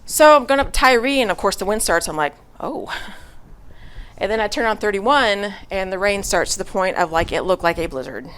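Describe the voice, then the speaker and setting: A middle-aged woman speaks to her church congregation, telling a story in a casual, chatty way full of laughs, fillers and restarts. Her mid-range voice is smooth and a bit bright, with lively intonation and a brisk pace that hardly pauses.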